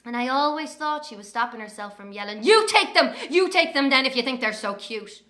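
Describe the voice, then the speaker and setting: An actress playing a sharp-tongued, brash young Irish woman telling stories in an audio drama monologue. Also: on the high side, quick pace, close to an everyday voice. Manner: brash, scornful, lively storytelling.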